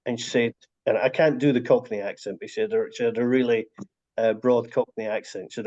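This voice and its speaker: A man who writes and collects stories tells them warmly over a casual video call, speaking fairly quickly in a mid-range voice with fairly even intonation. He restarts often, and the video call audio is dull and lo-fi.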